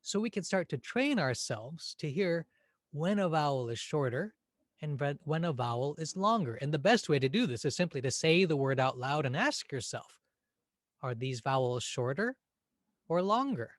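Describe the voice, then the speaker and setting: Male grammar teacher, patient and demonstrative, fairly high, very animated pitch, dry close recording. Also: normal speed, dry recording. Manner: gentle, patient, demonstrates words by exaggerating them. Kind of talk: spoken English lesson.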